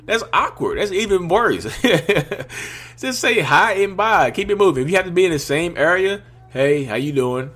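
A man's voice: sits high, lively intonation, a little fast, few pauses, fairly bright tone, faint music behind. A man giving informal advice in a casual, conversational monologue, full of slang and frequent "you know what I mean?" tags. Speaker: vlogger and podcaster.

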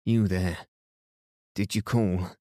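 A man doing a gruff rustic manservant. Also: steady tone, slow, warm tone, dry recording, studio quality. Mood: stubborn. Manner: low, firm, rustic speech. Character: gruff, stubborn working-class manservant.

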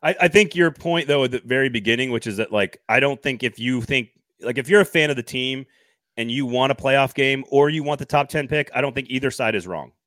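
A man's voice: mid-range voice, a little fast, a bit bright, dry recording, clean studio sound. A man hosting a casual sports podcast, thinking aloud and hedging his points. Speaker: podcast host.

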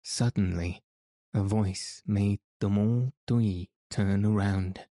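Slow, low-voiced male narrator. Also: dry recording. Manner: measured, even reading. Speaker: audiobook narrator. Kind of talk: scripted narration.

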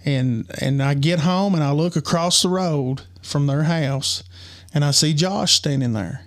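Podcast co-host: man, slightly high voice, earnest and halting storyteller. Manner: earnest, halting, many restarts. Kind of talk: personal storytelling.

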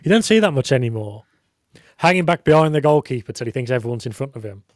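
A man's voice: medium pitch, lively intonation, fast, no room sound, clean studio sound. A man chatting casually on a podcast, rambling and self-deprecating. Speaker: podcast co-host. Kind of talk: casual chat.

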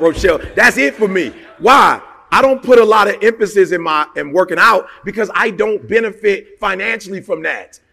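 A man delivers a motivational talk. He sits high in his register, with a gravelly edge. He drives his points home emphatically and talks straight at his listeners in street slang. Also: pushed and bright. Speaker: motivational speaker.

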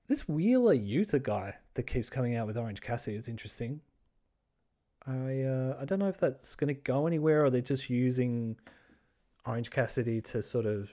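Excitable swearing male podcast host. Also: mid-range voice, moderate pace. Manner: excitable, swears freely, many fillers and restarts. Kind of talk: casual solo podcast chat.

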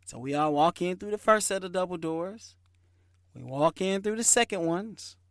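A man, hosting a podcast and telling a lively, slangy story in a casual way. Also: high voice, normal speed, no echo, clean studio sound. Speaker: podcast host.

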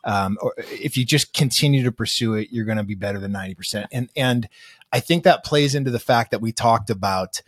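A man hosting a podcast, thinking out loud in loose, run-on sentences during a casual chat. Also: mid-range voice, brisk, no echo. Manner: reflective, talks in loose run-on thoughts. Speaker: podcast host.

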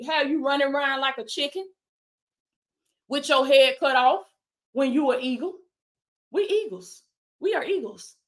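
A woman's voice: sits high, a bit bright. A woman preaching a motivational sermon on a livestream, calling out to viewers with "come on now" and "baby" and reading out their comments. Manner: reads viewer comments aloud. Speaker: life coach and preacher.

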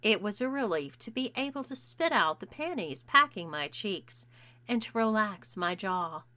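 A woman narrating a first-person story in a measured, intimate reading. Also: mid-range voice, expressive, pushed and bright, dry recording. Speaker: audiobook narrator.

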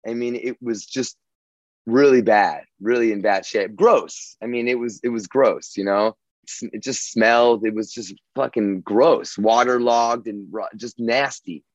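A man's voice: mid-range voice, a little slow, no echo. Guy rambling through a story, cussing a lot, dull dry lo-fi sound. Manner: rambling, profane, many restarts and fillers. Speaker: guest telling his story. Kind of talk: casual storytelling.

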